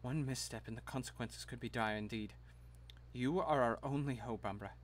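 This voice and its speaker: A man doing a grave, earnest official. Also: lightly acted. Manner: low, earnest, measured.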